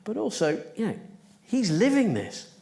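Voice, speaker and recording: A woman's voice: mid-range voice, wildly swooping pitch, moderate pace, warm tone. A woman on a discussion panel, speaking earnestly and searching for words. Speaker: panel guest.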